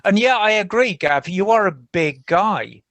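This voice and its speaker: Lively high-voiced man. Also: unhurried, no echo. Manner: playful, teasing storyteller. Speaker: podcast co-host. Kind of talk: casual chat.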